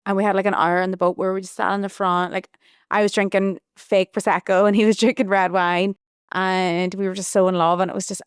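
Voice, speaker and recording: A woman's voice: mid-range voice, smooth, no echo, studio quality. A woman hosting her own podcast, telling a personal story in a chatty, rambling way with lots of "like". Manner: chatty, rambling, heavy use of "like". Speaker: podcast host. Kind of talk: casual storytelling monologue.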